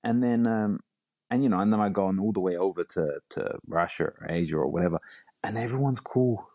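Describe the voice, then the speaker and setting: A man from England with a London accent talks in a deep, low voice. He is a fighter telling stories in a relaxed, meandering way, dropping "you know" and "bro" as he goes. The sound is close and dry. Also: brisk, no room sound. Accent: London English. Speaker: bare knuckle fighter and coach. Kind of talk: casual interview chat.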